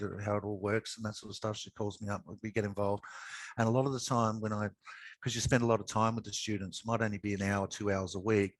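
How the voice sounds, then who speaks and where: Low-voiced man telling a story. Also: no echo, rough recording. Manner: chatty, repeats words, frequent um and you know. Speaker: guest. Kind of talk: casual storytelling.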